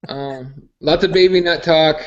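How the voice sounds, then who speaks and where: A man with a high voice rambles through a story, swearing and stumbling over fillers. The sound is dull and lo-fi, like a cheap mic. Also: measured pace. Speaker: podcast co-host. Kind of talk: casual storytelling chat.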